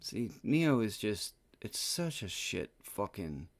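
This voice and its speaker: Slow and sing-song, with a creaky, lowish voice, this man runs a live day trading stream and muses over his charts. An aching back weighs on him, and losing trades draw profane, exasperated outbursts.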